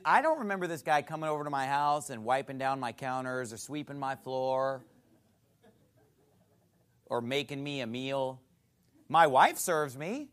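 A man's voice: fairly high pitch, a bit bright. A male pastor preaching a sermon in a church, blunt and mocking.

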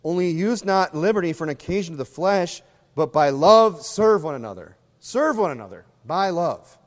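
A pastor delivering a conversational sermon, acting out little scenes in other voices. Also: male voice, on the high side, animated, moderate pace, in a large hall.

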